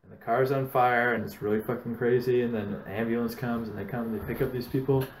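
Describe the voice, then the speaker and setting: A man's voice: mid-range voice, fast talker, reverberant, slight background noise, low-quality recording. A man hosting a casual podcast, telling stories with plenty of swearing. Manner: swears a lot, animated storytelling. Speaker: podcast host.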